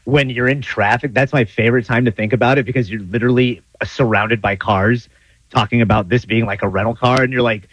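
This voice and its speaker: A man's voice: medium pitch, steady tone, a little fast, low-quality recording. A man hosting a casual podcast chat, playful and reflective, sometimes slipping into a laid-back surfer-dude way of talking. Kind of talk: casual conversation.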